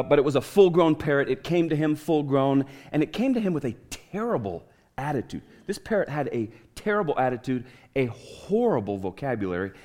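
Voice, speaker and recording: A man's voice: fairly high pitch, a little mellow. A man preaching a sermon as a pastor in a church, telling stories and asking the congregation for a show of hands.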